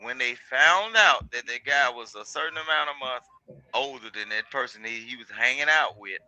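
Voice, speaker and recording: A man on a live call-in panel who talks loudly and at length in a monotone and keeps pushing his point over others. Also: mid-range voice, normal speed, dry recording, faint music behind, low-quality recording. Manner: monotone delivery; loud.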